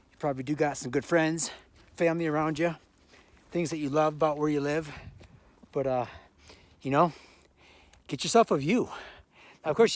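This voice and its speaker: A man hosting a casual, upbeat vlog outdoors on a mountain trail while hiking, slightly out of breath, chatty and motivational. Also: medium pitch. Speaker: vlog host.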